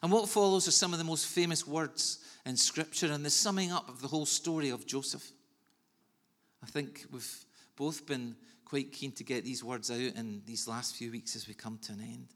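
A man preaching a sermon in an earnest, measured way with soft pauses. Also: medium pitch, steady tone. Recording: long reverb of a large hall.

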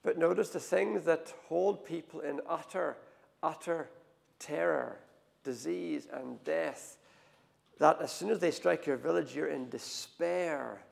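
Male preacher, gravelly and fairly high-pitched, animated sermon delivery, big hall echo. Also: takes it slowly. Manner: animated storytelling, swings from hushed to loud. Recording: long hall reverb.

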